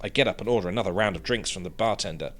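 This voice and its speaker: A man's voice: low voice, very fast, fairly bright tone. Swearing, joking man playing a game. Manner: laughing, joking, swears freely. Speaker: gaming YouTuber. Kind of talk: game playthrough commentary with read-aloud dialogue.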